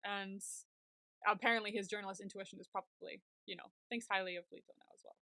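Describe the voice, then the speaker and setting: A woman's voice: medium pitch, steady tone, quick pace, sharp tone, dry recording. A young woman co-hosting a podcast, animatedly retelling a TV episode in casual chat, full of "like" and fillers. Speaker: podcast co-host.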